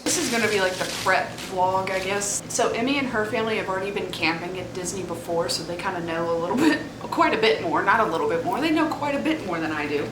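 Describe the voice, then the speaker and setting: A young woman vlogs to her phone in a loose, rambling, self-mocking way, her voice at an ordinary middle pitch. The room is echoey, and there is clear noise behind her. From Virginia. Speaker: vlogger. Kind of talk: casual vlog chat. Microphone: phone camera.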